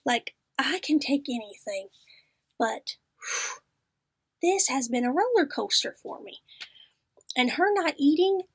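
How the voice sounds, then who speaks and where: A middle-aged woman hosts a podcast, telling a story with a lot of energy. Her voice sits high and the sound is close and dry. She often drops into hushed, whispered asides. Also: takes it slowly, long pauses, dry recording. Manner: animated, often dropping to a whisper. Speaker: podcast host. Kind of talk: casual storytelling.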